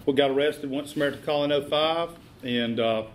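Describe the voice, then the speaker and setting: A middle-aged man giving a blunt, plain-spoken personal testimony at a recovery meeting, halting often with fillers. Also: a little high, slight background noise.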